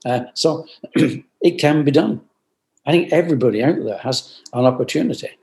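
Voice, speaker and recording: An older man, a company founder, giving earnest reflective interview answers over a remote video call, often repeating phrases and clearing his throat. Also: on the high side, normal speed, darkish tone, poor audio. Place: at home in France.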